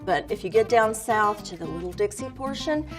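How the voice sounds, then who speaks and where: A woman giving a quick, informative interview answer. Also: mid-range voice, lively intonation, over music.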